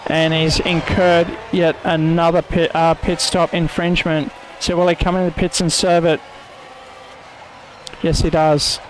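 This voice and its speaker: A man's voice: on the high side, level tone, measured pace, slight background noise, low-quality recording. A man commentating an online sim racing event, calling corners and penalties and mocking his own attempts at an Italian accent. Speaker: race commentator.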